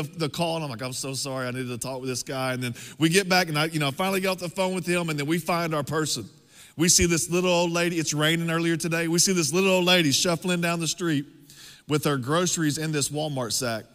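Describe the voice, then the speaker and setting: A man preaching, telling a personal story in a lively, conversational way to his congregation. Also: a little high. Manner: animated, conversational storytelling with laughs. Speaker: pastor. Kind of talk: sermon storytelling. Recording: long hall reverb.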